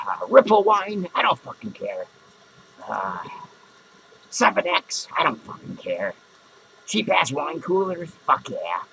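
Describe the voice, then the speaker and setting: A drunk, hot-tempered clown, as a man puts him on, slurring and rambling in a high, gravelly voice that swings wildly up and down. The tone is bright and edgy, with shrill cackles breaking through the comedy monologue. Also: slight background noise, exaggerated voice, low-quality recording. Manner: slurring, rambling, swearing constantly. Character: drunken foul-mouthed adult male clown, hot-tempered. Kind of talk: improvised character comedy monologue.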